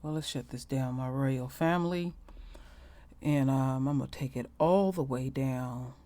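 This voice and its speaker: A woman hosting her channel in a soft, chatty way. Her voice is very low. The sound is dry and close. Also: measured pace, no echo. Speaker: channel host. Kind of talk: casual commentary.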